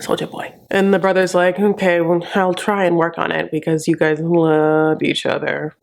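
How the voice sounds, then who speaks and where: A woman hosting a reality TV recap in a sassy, campy, gossipy way, full of "honey" and "like", breaking into high mocking impressions. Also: level tone, moderate pace, vocal fry. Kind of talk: casual comedic recap.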